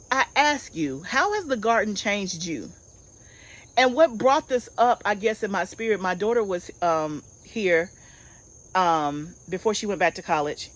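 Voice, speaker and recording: Woman, 40s, homestead vlog host, relaxed animated chatter, calls viewers y'all. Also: medium pitch, rough recording. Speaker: homestead gardening channel host. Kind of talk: casual chat.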